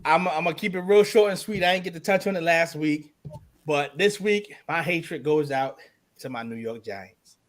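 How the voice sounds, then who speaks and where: A man's voice: a little high, moderate pace. A man co-hosting a podcast, talking earnestly through social commentary. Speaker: podcast co-host. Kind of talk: casual chat.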